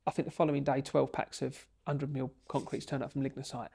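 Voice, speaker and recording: Guy on a podcast, gravelly voice, tells stories all animated and emotional. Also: mid-range voice, a little fast. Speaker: podcast guest, bricklaying tutor. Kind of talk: storytelling in a podcast interview.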